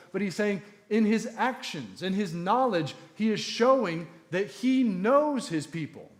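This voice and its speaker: A man preaching a sermon in an earnest, emphatic teaching manner, with repeated phrases for stress. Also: on the high side.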